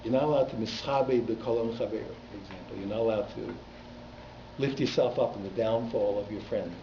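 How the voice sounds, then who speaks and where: A rabbi teaching a class at a community synagogue, telling stories animatedly and repeating words for emphasis. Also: male voice, fairly low pitch, fairly quick, dark tone. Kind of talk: storytelling lecture. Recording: echoey, dull hall recording with faint noise.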